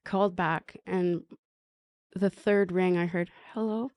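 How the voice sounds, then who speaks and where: A middle-aged woman with a lowish voice tells a personal recovery story on a podcast. She speaks haltingly, circling back with fillers and restarts. The sound is dry and close, with no room around her. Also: steady tone, darkish tone, dry recording. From Canada. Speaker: podcast guest.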